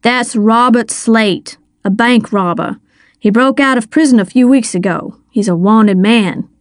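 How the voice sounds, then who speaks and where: A woman reading an audiobook, voicing a steady, businesslike male sheriff. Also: on the high side, measured pace, no room sound, clean studio sound, close to an everyday voice. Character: male small-town sheriff, calm and commanding. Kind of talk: audiobook character voice.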